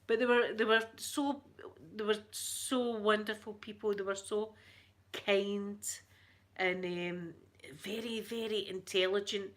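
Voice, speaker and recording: A middle-aged woman with a thick Scottish accent chats softly with her live viewers. She rambles through stories, laughing often as she goes. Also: mid-range voice, fairly even intonation, takes it slowly. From Scotland. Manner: chatty, laughs often, soft-spoken. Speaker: livestream host. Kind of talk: casual chat with live viewers.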